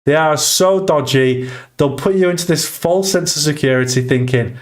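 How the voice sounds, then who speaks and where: A man hosting a casual crypto livestream, reading the chat and talking through charts with bursts of excitement. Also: fairly high pitch, unhurried. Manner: excitable, swings between chart talk and shout-outs to chat.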